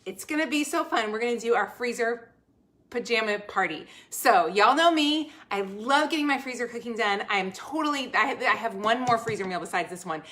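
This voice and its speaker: Bright, bubbly woman cooking live. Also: on the high side, lively intonation, a little fast. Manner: upbeat, talks straight to viewers, reads out comments. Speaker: host of a cooking livestream. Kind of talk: chatty live cooking demo with viewers. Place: home kitchen.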